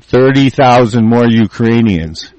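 A man in a furious, profane rant, repeating himself and shouting through restarts. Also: mid-range voice, animated, slow pace, no room sound. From United States. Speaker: ranting commentator.

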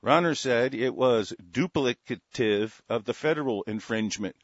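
A man's voice: mid-range voice, normal speed, no echo, dull audio. Sarcastic, swearing man ranting over news. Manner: angry, sarcastic, swears a lot, reads then rants. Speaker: political commentator reading news aloud. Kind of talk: profane ranting commentary on news.

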